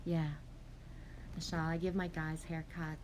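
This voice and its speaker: A woman in her forties chatting casually on a livestream, reading out viewer comments and rambling through animated stories with swearing and acted-out quotes. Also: sits low, normal speed, noisy background.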